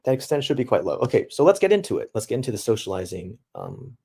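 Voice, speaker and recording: A man's voice: mid-range voice, wildly swooping pitch, fast talker, vocal fry, warm tone, slightly rough. A young man streaming live, talking casually and reading out chat in a laid-back, slangy way full of dude and bro.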